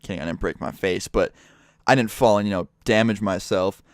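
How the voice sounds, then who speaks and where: A man's voice: fairly low pitch, brisk, no echo. A young man telling a rambling, self-mocking story with lots of swearing, speaking into a close mic. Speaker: YouTuber. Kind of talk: casual storytelling vlog.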